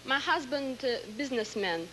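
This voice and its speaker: A woman's voice: high-pitched, animated, bright, forceful tone, slight background noise, low-quality recording. Hesitant Russian-accented woman. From Soviet Union. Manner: hesitant halting English, searching for words. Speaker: pageant contestant. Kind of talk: live stage interview.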